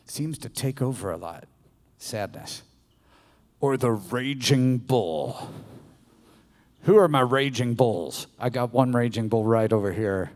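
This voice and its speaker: Man, playful live speaker, medium pitch, long venue reverb. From American South. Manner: playful, animated, audience-addressing. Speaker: public speaker. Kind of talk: live motivational talk. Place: live bar venue with audience.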